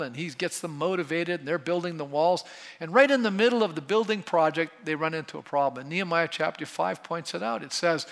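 A man's voice: on the high side, vocal fry, sharp tone. A male pastor preaching a sermon in a church sanctuary, talking conversationally and often polling the congregation with questions. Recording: long hall reverb.

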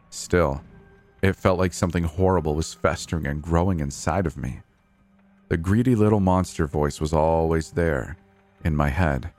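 A man reading a first-person story in a steady, earnest way. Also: low voice, no room sound. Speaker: narrator.

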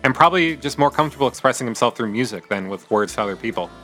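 A man's voice: medium pitch, animated, very fast, sharp tone. A man co-hosting a casual music podcast, talking in a thoughtful, analytical way. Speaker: podcast co-host.

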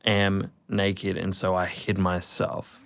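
A man hosting a faith conversation, calm and affirming, with frequent fillers as he talks. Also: sits low, takes it slowly, vocal fry, no echo.

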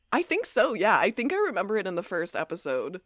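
A woman's voice: medium pitch, wildly swooping pitch, normal speed, a crowd in the background. A woman co-hosting a podcast, recapping a TV episode in casual chat and acting out quotes. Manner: chatty, acts out quotes, laughs often. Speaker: podcast co-host.

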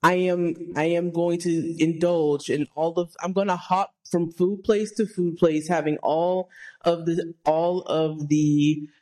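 A woman's voice: on the low side, a little slow. Enthusiastic woman from Texas, podcasting. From Texas, United States. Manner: enthusiastic, excitable. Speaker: podcast co-host. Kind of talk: casual chat.

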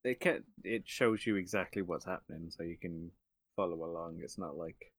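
A man co-hosting a casual film review podcast, animated and quick to laugh. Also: low voice, dry recording. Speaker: podcast co-host.

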